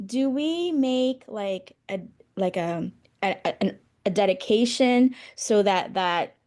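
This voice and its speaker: A woman participant on a video call asking questions, hesitant and halting with many fillers. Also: mid-range voice, lively intonation, darkish tone.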